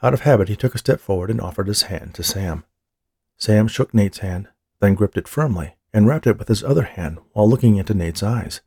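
A man narrating an audiobook in a steady, even storytelling manner. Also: fairly low pitch, brisk, husky, no echo, clean studio sound. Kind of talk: scripted narration.

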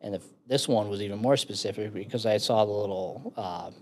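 A man's voice: on the low side, fairly quick, a little hiss or hum. Swearing veteran man telling war stories. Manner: profane, animated, laughs between phrases. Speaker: military veteran guest. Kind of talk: casual storytelling.

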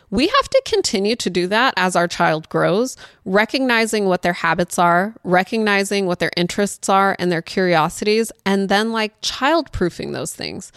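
A woman's voice: medium pitch, no echo, studio quality. A woman hosting a podcast as a parenting educator, talking candidly and laughing often. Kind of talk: casual podcast talk.

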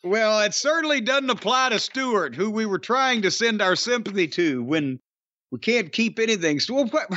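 Middle-aged male podcast host with a higher voice, grumbling and cursing his way through chat, recorded muffled and dry. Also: lively intonation, normal speed, bright, forceful tone, dry recording. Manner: blustery, profane, grumbling rants.

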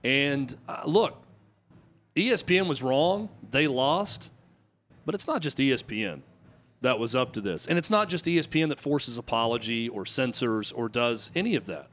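A man's voice: mid-range voice, expressive, normal speed, fairly bright tone. A man co-hosting a sports talk radio show, arguing his point with emphatic, repeated rhetorical questions. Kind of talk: opinionated talk radio commentary.

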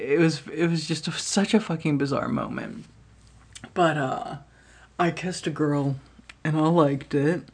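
Laughing, swearing woman podcast host. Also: low-pitched. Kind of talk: casual storytelling monologue.

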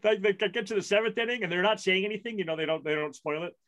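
A man's voice: high voice, a bit bright. Rambling, self-mocking man on a podcast. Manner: rambling, self-mocking, quick bursts with restarts. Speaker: podcast co-host. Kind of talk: casual chat.

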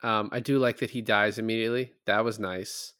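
A man co-hosting a casual movie podcast, retelling scenes with lots of laughter and loud acted-out quotes. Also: fairly low pitch, a little fast, smooth, no echo, studio quality. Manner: animated retelling, laughs often, acts out quoted lines loudly. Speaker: podcast co-host.

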